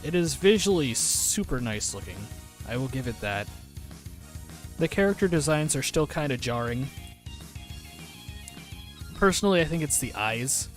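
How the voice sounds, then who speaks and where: A man's voice: medium pitch, expressive, normal speed, pauses often. A man chatting casually on a livestream, rambling and answering his chat aloud. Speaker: streamer. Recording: music playing under voice. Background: background music.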